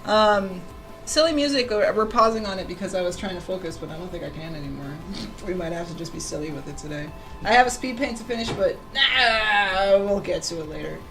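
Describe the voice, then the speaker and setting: A woman drawing fan art on a casual livestream, chatting with viewers in an excitable, giggly way. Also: medium pitch, brisk, over music, low-quality recording.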